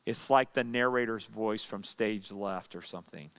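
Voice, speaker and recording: A man's voice: fairly low pitch, normal speed, fairly bright tone. A pastor leading a Bible study, teaching in a conversational way, asking and answering his own questions.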